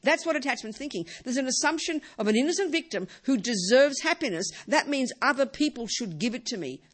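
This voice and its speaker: A woman's voice: high-pitched, animated, fairly quick. A woman teaching Buddhism in a talk, emphatic and full of rhetorical questions.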